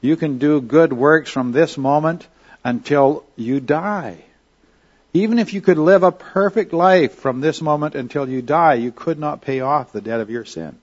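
A man's voice: fairly high pitch, measured pace, breathy edge, dull audio. A man teaching a Bible study lesson in a conversational way. He often checks in with his listeners with "okay?" and "all right?".

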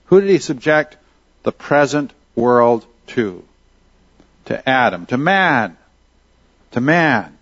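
A man's voice: medium pitch, no room sound, highs cut off. Man teaching a Bible lesson. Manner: conversational, asks the class questions, reads Scripture aloud. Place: at a desk with Bible and notes on screen.

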